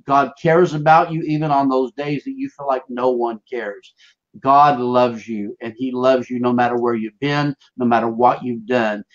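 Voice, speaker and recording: A man hosting a faith show, gently thanking viewers in a halting way with many fillers. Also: medium pitch, fairly even intonation, dull audio. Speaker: show host. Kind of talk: closing remarks to viewers.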